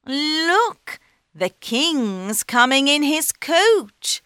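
A woman voicing a clever male talking cat in a storybook, high-pitched and excitable. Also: very slow, no echo, clean studio sound, heavily acted. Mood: eager. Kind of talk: storybook reading.

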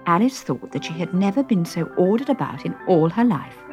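A woman narrating a storybook in an expressive, lively reading, with faint music behind. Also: on the low side, brisk.

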